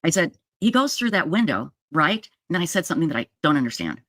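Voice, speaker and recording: A woman telling viewers a true crime story in a casual, animated way, jumping up in pitch for emphasis and checking in with "okay?". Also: fast talker, dry recording. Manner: addresses viewers directly with frequent "okay?". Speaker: true crime video commentator.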